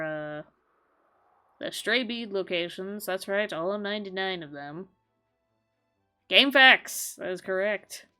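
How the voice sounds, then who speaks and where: A woman's voice: mid-range voice, sharp tone, smooth. Chatty woman gamer, teasing and sweary. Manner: chatty, swears freely, teasing and self-mocking. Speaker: gaming channel host. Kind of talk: casual let's play commentary.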